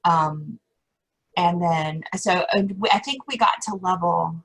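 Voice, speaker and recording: A woman's voice: fairly low pitch, slow, a bit bright, slightly rough, low-quality recording. A middle-aged woman chatting as a guest in an interview, rambling and self-correcting with frequent laughter. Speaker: podcast guest. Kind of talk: casual interview chat.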